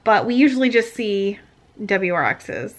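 A pregnant young woman hosts a casual vlog from a car, filmed on a handheld camera. Her mid-range voice is unhurried, and she comes across as chatty and giggly.

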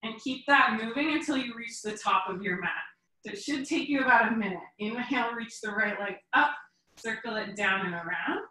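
A woman yoga teacher guiding a class through poses with calm, short breath cues, a little out of breath as she moves along. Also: on the high side, normal speed, far from the mic. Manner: calm step-by-step cueing in short phrases. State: slightly out of breath. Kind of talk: guided yoga class instruction. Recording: echoey room, voice from away from the mic.

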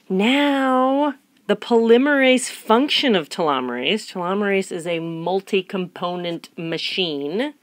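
A woman recording a biology tutorial lecture in a playful, chatty way. She fires off rhetorical questions, answers them herself, and puts on mock excitement. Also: medium pitch, slow pace, heavy background noise. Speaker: biology instructor.

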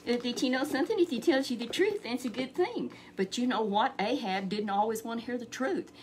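A woman's voice: a little high, expressive, brisk, darkish tone. A woman telling a Bible story to a child in a chatty way, repeating words and asking questions.

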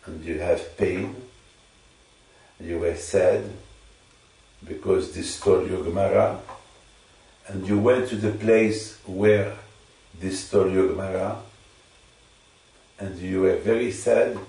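A man giving an informal Torah teaching to a listener, halting and repeating phrases for emphasis. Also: deep voice, dark tone. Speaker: religious teacher. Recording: echoey room, distant mic.

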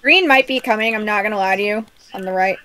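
A woman's voice: mid-range voice, fast, bright, forceful tone. A young woman joking and swearing casually with friends during a game. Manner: joking, swears, self-mocking. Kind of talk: casual gaming chat.

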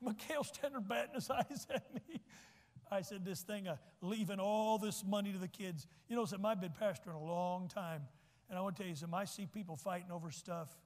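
Male pastor, folksy preaching, high voice, church echo, long reverb. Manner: folksy, joking asides, repeats points slowly. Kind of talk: sermon. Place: church sanctuary.

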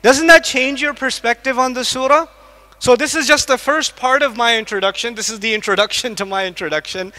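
A man from the United States, probably middle-aged, giving an animated religious lecture to a live audience, asking it questions and quickly reciting Arabic verses. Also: very high voice. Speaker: Islamic lecturer. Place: large lecture hall. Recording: long hall reverb.

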